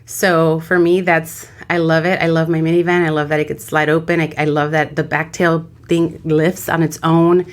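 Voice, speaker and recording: A woman's voice: sits low, little pitch movement, normal speed, few pauses. A woman co-hosting a casual podcast chat, chatty and laughing, dropping in Spanish phrases. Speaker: podcast co-host.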